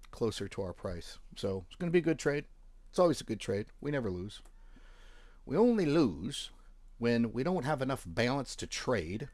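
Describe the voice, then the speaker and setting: A man's voice: mid-range voice, a little mellow, no echo. A man hosting a trading channel, casually walking viewers through charts and accounts with offhand jokes. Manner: offhand, joking, talks while clicking through charts. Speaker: forex trading channel host. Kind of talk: casual screen-share walkthrough.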